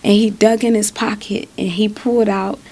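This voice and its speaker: A woman's voice: medium pitch, flat delivery, moderate pace, dark tone. A woman guest telling a personal story in an interview, acting out the scenes as she goes. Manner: vivid storyteller acting out scenes, voice rising and falling.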